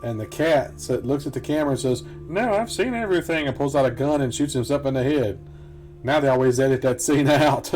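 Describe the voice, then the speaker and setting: A middle-aged man gives casual, rambling commentary while playing a game. His voice is mellow and average in pitch, and his easygoing manner is broken by frequent quiet chuckles. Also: fairly even intonation, fairly quick. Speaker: gameplay commentator. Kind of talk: casual let's-play commentary.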